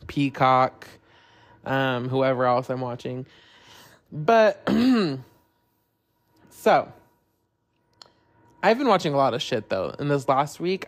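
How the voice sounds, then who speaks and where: A man with a medium-pitched voice hosts a solo podcast, chatting casually and candidly. He swears freely and speaks openly about his personal feelings.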